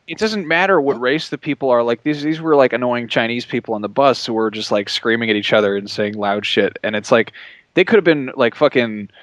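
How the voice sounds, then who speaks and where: A man co-hosting a podcast in casual comedic chat, rambling and halting with lots of fillers. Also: medium pitch, fairly bright tone, dry recording. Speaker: podcast co-host.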